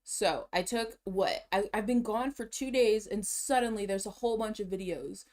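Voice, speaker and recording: A woman's voice: mid-range voice, normal speed. Woman streamer rambling while she shops online, hyped, slangy, laughs a lot, kinda breathless. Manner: excitable, talks to herself, slangy, laughs often. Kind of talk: casual chat while browsing online.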